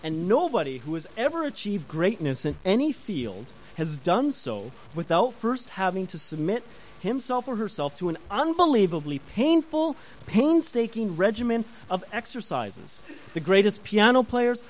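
Animated high-voiced male preacher. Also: poor audio. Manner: animated, talks with the congregation, asks questions. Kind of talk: sermon. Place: church before a congregation.

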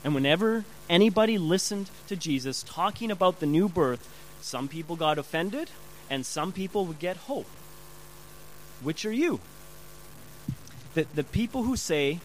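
A male preacher with a high voice delivers a sermon full of rhetorical questions. He leans hard on key words and stretches them out slowly. A faint hum sits behind him. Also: lively intonation, poor audio. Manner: emphatic, rhetorical questions, drawn-out stresses.

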